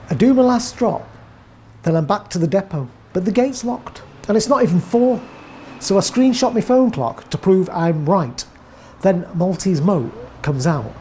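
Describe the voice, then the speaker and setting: An English woman narrates a rambling first-person tale in a dry, deadpan way. Her voice is mellow and dark in tone. There is a faint hiss behind her. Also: fairly low pitch. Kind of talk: first-person comic monologue.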